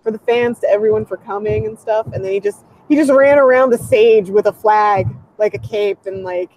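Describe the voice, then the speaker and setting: A woman's voice: medium pitch, normal speed, a little hiss or hum, poor audio. A woman recapping a concert in a casual chat, telling it animatedly with lots of "like". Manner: animated storytelling with quoted voices, frequent "like". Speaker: convention reporter.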